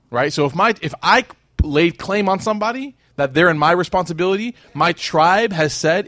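A man teaching a casual, storytelling religious lesson, animated and joking with his audience, with short stretches of Arabic recitation. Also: high-pitched, moderate pace, hardly any pauses, dry recording. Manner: animated, conversational, jokes with the audience. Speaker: Islamic teacher.

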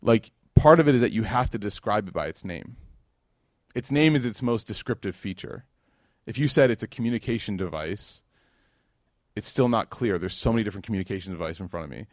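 A man's voice: on the low side, a little fast, no room sound, studio quality. A man from the United States giving a casual religious talk with humor, telling stories animatedly and acting out the dialogue. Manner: animated storyteller who acts out dialogue. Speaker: religious speaker.

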